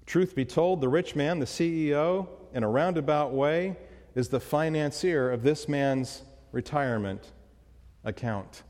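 A man's voice: a little high, a little slow, darkish tone. A man preaching a sermon as a pastor, emphatic and full of rhetorical questions, in a church sanctuary. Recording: long hall reverb.

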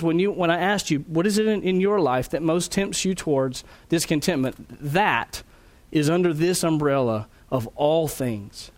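A man preaching a sermon, earnest and explanatory, slowing down to stress key phrases and often repeating words as he restarts. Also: on the high side. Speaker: pastor.

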